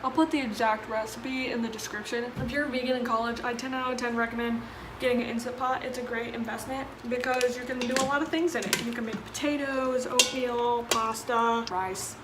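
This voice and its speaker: In an echoey room with clattering dishes and background noise, a young adult college vlogger talks fairly quickly in a voice on the high side with fairly even intonation. Her casual cooking vlog is chatty and self-deprecating, and she's often exasperated at her own mishaps.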